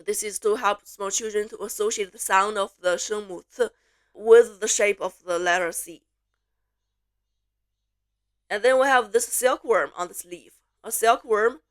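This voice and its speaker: A woman from Beijing with a Mandarin Chinese accent, teaching a Mandarin lesson in English with slow, clear repeat-after-me drills. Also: mid-range voice. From Beijing, China. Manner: slow, clear model pronunciations switching between English and Mandarin.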